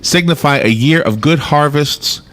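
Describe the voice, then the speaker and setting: A man's voice: on the high side, measured pace, a bit bright. A man co-hosting a casual morning radio show, reading holiday customs aloud and laughing often. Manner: laughs often, reads facts aloud then riffs. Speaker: radio host.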